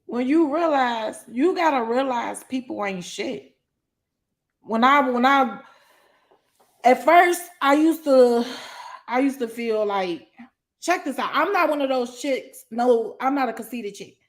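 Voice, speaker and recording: A woman's voice: sits high, animated, measured pace. A woman author telling her story in an interview, blunt and profane, emphatic and laughing often. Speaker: guest, author.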